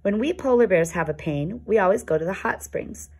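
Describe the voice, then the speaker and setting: A woman voicing a curious, easily startled young male polar bear in a children's storybook, gentle and earnest. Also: medium pitch, animated, a little fast, slightly rough.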